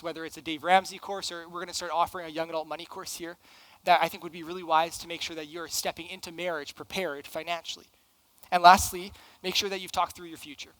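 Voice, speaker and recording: Male pastor, higher voice, earnest emphatic sermon delivery, dry close sound. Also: bright, forceful tone, dry recording, poor audio. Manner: earnest, emphatic preaching with rhetorical questions. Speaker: young adults pastor.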